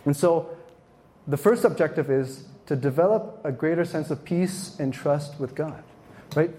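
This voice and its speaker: A man leading a faith workshop for parents, telling a story with dramatic swells and quiet hushes. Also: a little high, a little slow, a little hiss or hum. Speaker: workshop speaker.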